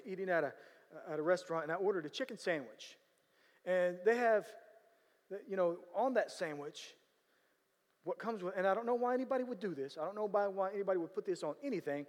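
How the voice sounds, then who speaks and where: A man telling a story in sermon style, animated, with sudden loud bursts of emphasis and a habit of asking whether listeners follow him. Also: high-pitched. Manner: animated, bursts of loud emphasis, repeats "you know what I'm saying". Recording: long hall reverb.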